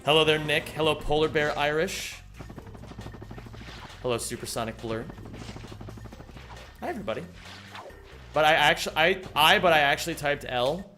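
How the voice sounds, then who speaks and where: A man's voice: a little high, moderate pace, long pauses, pushed and bright, soft background music. A young man live-streaming a game, chatting casually, thanking viewers and swearing freely as he rambles. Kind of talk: casual live-stream chat while gaming.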